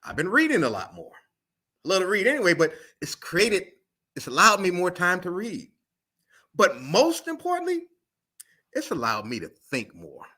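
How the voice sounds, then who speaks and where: A man's voice: high-pitched, wildly swooping pitch, moderate pace, bright, forceful tone, husky. A middle-aged man, a jazz musician, giving earnest, motivational interview answers and often asking "right?". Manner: motivational, earnest, sprinkles "right?" and "you know".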